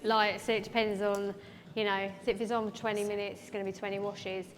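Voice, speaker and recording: A hairdresser educator runs a live styling demonstration in a large event hall, chatting and rambling with plenty of fillers. Her voice is medium-pitched, flat, and brisk. The hall is echoey, with faint noise in the background.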